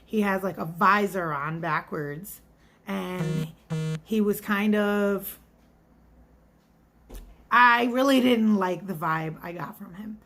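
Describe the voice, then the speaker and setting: Chatty woman with a gravelly voice. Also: medium pitch, takes it slowly, long pauses, fairly bright tone, a little hiss or hum. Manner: chatty, rambling asides, acts out quoted voices. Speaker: vlogger and restaurant server. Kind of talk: casual storytelling vlog.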